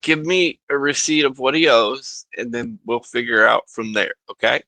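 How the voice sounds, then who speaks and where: A man's voice: medium pitch, normal speed, sharp tone, no echo, rough recording. A man playing his character in a tabletop game, reassuring and tacking "okay?" onto his lines. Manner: reassuring, keeps asking "okay?". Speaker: player.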